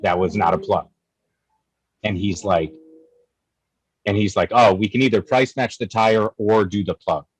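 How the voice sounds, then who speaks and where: Profane, animated man telling stories. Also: lowish voice, measured pace, long pauses, breathy edge, dry recording, poor audio. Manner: animated, profane, acts out both sides of arguments. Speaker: guest, cigar company figure. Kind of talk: casual storytelling.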